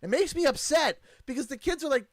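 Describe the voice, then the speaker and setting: A man's voice: very high voice, animated, a little fast, no room sound. A Canadian man in his thirties, a father and streamer, telling a story in a casual livestream, rambling with many restarts and growing exasperated.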